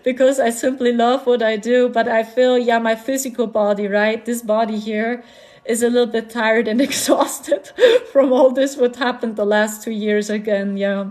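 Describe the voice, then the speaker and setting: A woman's voice: fairly high pitch, steady tone, normal speed, a little mellow. A woman chatting on a live stream, laughing often and repeating herself as she talks. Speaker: spiritual vlogger. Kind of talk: casual live-stream chat.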